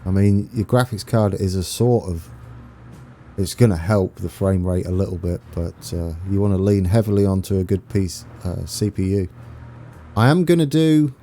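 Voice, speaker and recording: Chatty East Anglian man, low mellow voice. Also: moderate pace, a little hiss or hum. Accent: East Anglian English. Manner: chatty, self-mocking, laughs often, reads out viewer names. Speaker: game streamer. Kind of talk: casual live-stream chat while playing.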